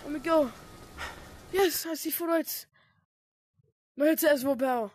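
A young woman chatting casually while playing a VR zombie game, jumpy and quick to shriek when scared. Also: high-pitched, darkish tone. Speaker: gamer. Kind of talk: casual VR gameplay commentary.

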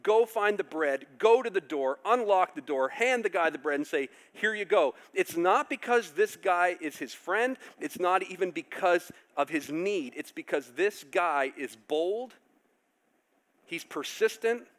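Man, pastor, animated sermon, acts out voices, slightly high voice. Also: a little slow. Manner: animated, acts out characters with loud outbursts.

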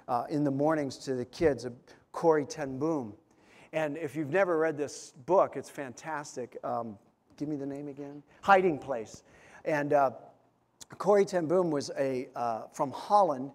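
High-voiced preaching man in a reverberant church. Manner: storytelling, acts out quotes, rises to loud emphatic peaks. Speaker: pastor. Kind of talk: sermon. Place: church sanctuary. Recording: long hall reverb.

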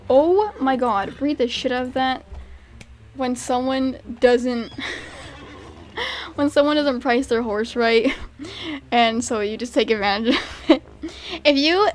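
A woman hosting her gaming channel, chatting casually through gameplay commentary with frequent laughs and excited outbursts. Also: fairly high pitch.

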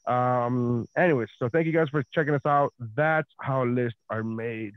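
A man's voice: mid-range voice, moderate pace, lo-fi sound. A man hosting a podcast in casual chat, rambling with lots of fillers and swearing freely. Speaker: podcast host.

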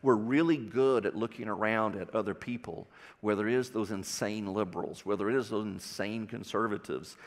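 Folksy Texan preacher in a reverberant church. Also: male voice, on the low side, moderate pace. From Texas. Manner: folksy storytelling with audience questions. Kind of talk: sermon. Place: church sanctuary.

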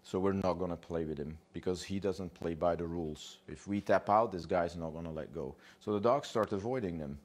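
A man with a very low voice gives a lecture on dog behavior. He talks loosely and animatedly, slips into quick voices for what the dogs are thinking, and checks in with his listeners with a steady "yeah?" and "you know.". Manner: animated, acts out dogs' thoughts in quick voices, swears casually. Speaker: dog trainer.

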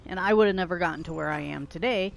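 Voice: medium pitch, fast talker, vocal fry, slight background noise. Unwell streamer chatting while lying down. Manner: rambling, apologetic, stumbles over words. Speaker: game streamer. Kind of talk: casual live-stream commentary. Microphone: headset or desk mic, no camera.

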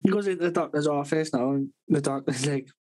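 A man's voice: a little high, fast, a little mellow, rough recording. A man, a podcast co-host, telling a long rambling story full of swearing and laughter in a casual chat.

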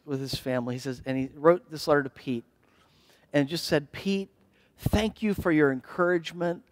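A man's voice: fairly high pitch, dry recording. Man, pastor, sermon, earnest, impassioned, dry sound. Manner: earnest, rising to impassioned appeals. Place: church.

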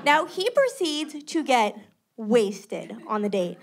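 A young woman from New York City doing stand-up, animated and self-mocking. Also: fairly high pitch, unhurried, a crowd in the background, noisy background. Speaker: stand-up comedian. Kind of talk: stand-up comedy.

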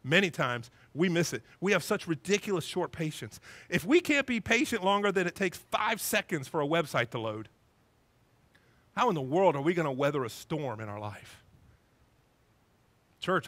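A male pastor preaching a sermon in a church, animated and acting out little scenes in different voices. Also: a little high, moderate pace, no echo.

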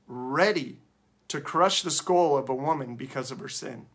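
Husky-voiced man preaching a sermon. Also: on the high side, moderate pace, a bit bright. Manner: earnest, with frequent restarts and rhetorical questions. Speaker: pastor. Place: church.

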